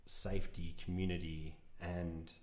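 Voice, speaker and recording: A man's voice: low-pitched, level tone, measured pace, darkish tone, echoey room. A man, a podcast guest talking earnestly and reflectively in a casual interview, rambling with restarts. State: emotional.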